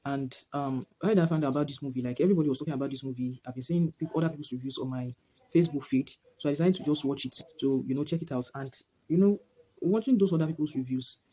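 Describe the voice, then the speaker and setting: Fast-talking man rambling through a movie recap. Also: a little high, mellow, a little hiss or hum. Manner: rambling retelling full of "like" and "whatnot". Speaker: movie reviewer. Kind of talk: casual movie plot recap to camera.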